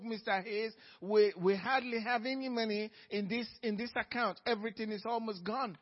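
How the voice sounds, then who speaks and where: A man preaching a sermon as pastor, moving from quiet storytelling to loud, fervent exhortation. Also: sits high. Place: church sanctuary. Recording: church hall reverb, dull lo-fi sound.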